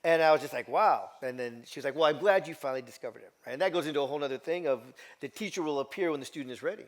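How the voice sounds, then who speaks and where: Fast-talking middle-aged male motivational speaker. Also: on the high side. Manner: animated, repeats words and asks the audience questions. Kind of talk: storytelling talk to a live audience. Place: stage before an audience.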